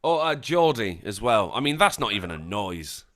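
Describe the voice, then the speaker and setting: An English man talking casually on a stream, swearing a lot and slipping into high voices when he quotes people. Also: moderate pace. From England. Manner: animated, bursts into high put-on voices when quoting people. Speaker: co-host. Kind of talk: casual chat, swearing freely.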